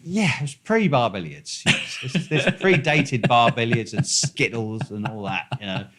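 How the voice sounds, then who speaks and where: A man's voice: mid-range voice, expressive, normal speed, fairly bright tone. A man telling a long, rambling, profane anecdote with many fillers and restarts.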